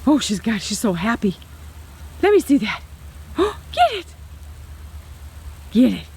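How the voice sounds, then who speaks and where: High, sing-song woman. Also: very animated, measured pace, darkish tone, slightly rough. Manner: doting, laughing, sing-song praise. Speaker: homestead vlogger. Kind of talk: casual talk to pets while filming.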